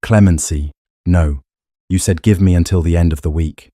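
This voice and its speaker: A man's voice: sits low, normal speed, dark tone, no room sound, studio quality. A man playing a guarded, grief-haunted earl who speaks in a clipped, matter-of-fact tone in an audiobook romance. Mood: pleading. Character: grieving earl, a guarded, haunted older husband.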